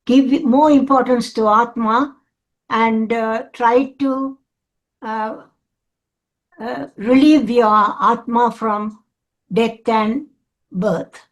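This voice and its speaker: An older woman in a study group on a video call, asking a question in a halting way while searching for words. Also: fairly high pitch, steady tone.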